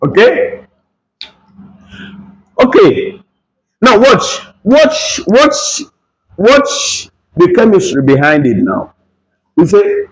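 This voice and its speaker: Guy teaching spanish greetings, talks slow, voice jumps all over, repeats stuff a lot. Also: high voice, very animated, husky, rough recording. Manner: slow, repetitive, switches between Spanish and English phrases. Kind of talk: video language lesson.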